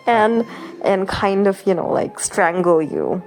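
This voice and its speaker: Young woman gamer chatting slow and rambly, mock annoyed, lots of little laughs. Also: fairly low pitch, lively intonation, a little mellow. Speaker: gaming channel host. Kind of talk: casual gameplay commentary. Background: game music.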